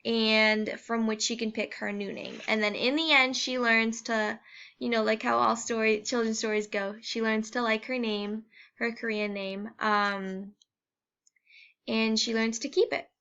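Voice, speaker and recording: A woman's voice: fairly high pitch, little pitch movement, unhurried, a bit bright, clear, resonant tone. A young woman giving a casual class presentation, informal, with many fillers and restarts. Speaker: education student presenting. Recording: dull lo-fi home recording.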